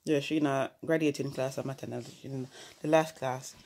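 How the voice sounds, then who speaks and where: In a family vlog filmed at home, a Jamaican-accented young woman talks a little fast in an extremely low voice with fairly even intonation, crowd noise audible. She laughs and coaxes casually, blending patois, English and French.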